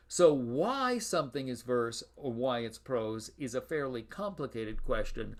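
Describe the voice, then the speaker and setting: A man's voice: mid-range voice, expressive, a little slow, hardly any pauses. A man giving a university lecture on verse, explaining patiently and chanting stress patterns aloud. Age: adult, past high school. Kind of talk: classroom lecture.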